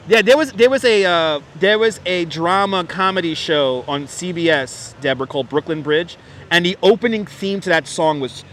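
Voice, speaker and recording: A man's voice: high-pitched, fairly bright tone, slight background noise. A man with a New York accent hosting a live stream outdoors, chatting casually, reading out comments, reminiscing and laughing often. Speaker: livestream host. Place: outdoors on a city street. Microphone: wireless clip-on mic.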